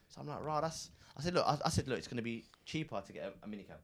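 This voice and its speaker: A man's voice: a little high, very fast, hardly any pauses. A man, a cab driver and podcast co-host, telling a story in casual slangy chat and acting out the people in it. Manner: animated, laughing, slangy, acts out voices.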